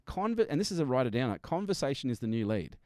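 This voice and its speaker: A man's voice: mid-range voice, sing-song, fast, darkish tone, dry recording, studio quality. A man speaking as a podcast guest, emphatic and blunt, swearing now and then and acting out customers to make his points. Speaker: guest business strategist. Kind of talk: energetic podcast interview.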